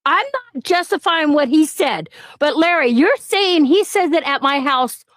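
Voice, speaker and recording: Brief: woman, high and lively voice, defensive, insistent, dry sound. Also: unhurried, slight background noise. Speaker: panelist. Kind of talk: heated argument.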